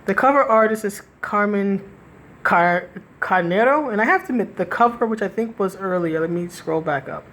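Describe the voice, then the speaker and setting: A woman's voice: mid-range voice, moderate pace, fairly bright tone, slight background noise. A woman giving a casual, critical spoken review, rambling with restarts and frequent "right?" asides, with a sardonic edge. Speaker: comic book reviewer.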